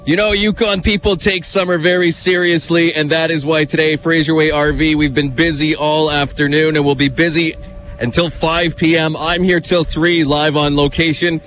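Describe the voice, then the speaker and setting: A man's voice: on the high side, level tone, normal speed, a bit bright. A man hosting a live radio remote from an outdoor event, chatting breezily as he plugs what's on. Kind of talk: upbeat live promo chatter.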